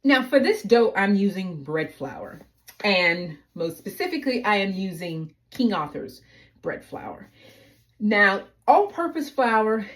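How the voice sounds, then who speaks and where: A woman's voice: mid-range voice, sing-song, slow pace. A woman from the United States, explaining baking steps in a chatty, rambling tutorial manner. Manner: chatty, explanatory, tangent-prone. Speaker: baking instructor. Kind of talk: casual cooking tutorial.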